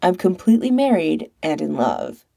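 A woman's voice: sits low, wildly swooping pitch, moderate pace, vocal fry, mellow, breathy edge, heavily acted. A woman voicing a dry, knowing young married man hinting at something. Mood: pointed.

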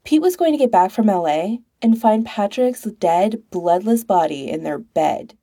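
A woman reading fiction aloud in an expressive, unhurried way. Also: medium pitch, husky. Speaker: story reader. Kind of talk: narrating fan fiction aloud.

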